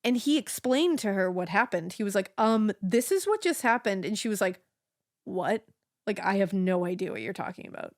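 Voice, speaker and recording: A woman co-host telling a true-crime story in a loose, chatty way. She swears freely and acts out each quote as she goes. Her pitch sits mid-range, and the dry, close-mic sound has no room echo. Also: lively intonation, moderate pace. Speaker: podcast co-host telling the case.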